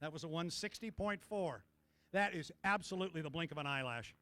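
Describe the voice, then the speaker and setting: A man calling live boat race commentary, excited and shouting as the action peaks. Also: fairly high pitch, a little fast. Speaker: race announcer.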